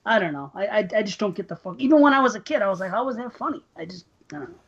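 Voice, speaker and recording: Husky, profane woman ranting on a podcast. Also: medium pitch, lively intonation, racing. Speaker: podcast co-host. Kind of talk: casual chat. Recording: dull lo-fi podcast audio.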